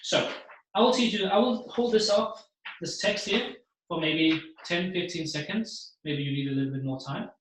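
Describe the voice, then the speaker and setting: A man gives a motivational keynote talk to an audience. He speaks in an animated way and acts out the voices he describes. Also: high-pitched, moderate pace. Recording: very echoey room.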